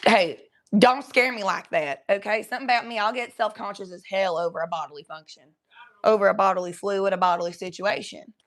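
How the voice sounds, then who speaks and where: A young woman from the Cincinnati area, USA, chats casually on a livestream in a mid-range, fairly bright voice, talking a little fast. She swears freely, reads chat aloud, and slips into baby talk for her pets.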